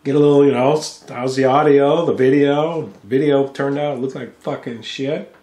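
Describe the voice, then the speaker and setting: An American vlogger rants angrily at home, cursing and mocking someone as he speaks into a studio microphone with a mixing board. His medium-pitched, dark voice keeps a steady tone and moderate pace, and the room sounds echoey.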